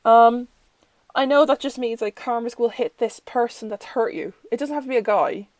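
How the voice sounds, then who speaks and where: A woman's voice: on the high side, moderate pace, darkish tone, dry recording, low-quality recording. Chatty Irish woman, dry close sound. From Ireland. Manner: chatty, rambling, fillers and self-corrections. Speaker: tarot deck reviewer. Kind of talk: casual deck review.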